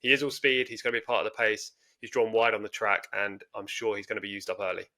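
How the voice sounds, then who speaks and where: A man's voice: on the low side, flat delivery, fast, bright, forceful tone. A man co-hosting a podcast, casually breaking down horse racing form with careful, hedging analysis. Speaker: podcast co-host.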